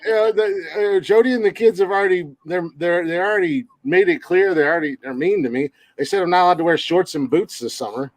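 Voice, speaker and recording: Man with a high-set voice, rambling storyteller, laughs through his lines, video call audio. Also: a little fast, hardly any pauses. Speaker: podcast co-host. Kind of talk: casual chat.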